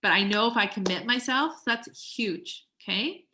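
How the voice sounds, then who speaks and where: A woman's voice: medium pitch, lively intonation, measured pace, sharp tone. A woman in her forties coaching clients from her home studio, chatty and encouraging, often acting out her own thoughts. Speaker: weight-loss coach. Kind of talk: casual coaching talk to clients.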